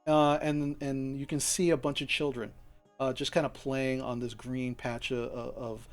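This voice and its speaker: A man's voice: medium pitch, little pitch movement, normal speed, faint music behind. A man narrating a tabletop game as game master, casual and rambling with many fillers and restarts.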